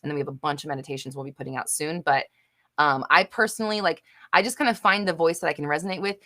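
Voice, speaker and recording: A woman's voice: low voice, fast talker, bright, forceful tone. A young adult woman hosting a live Q&A, reading viewer comments and answering in a blunt, emphatic way with casual swearing and lots of fillers. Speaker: host of a live manifestation Q&A.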